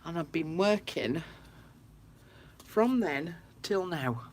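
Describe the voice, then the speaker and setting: A woman's voice: fairly low pitch, animated, takes it slowly. A woman chatting casually to viewers on a craft livestream from her room at home. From United Kingdom. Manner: chatty, talks to viewers, frequent laughs.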